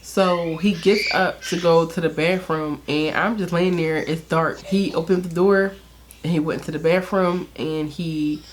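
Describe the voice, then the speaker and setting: Low-voiced young woman telling a story. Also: steady tone, unhurried, a little hiss or hum. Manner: candid, chatty, laughs often, many fillers. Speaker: beauty vlogger. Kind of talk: casual storytime.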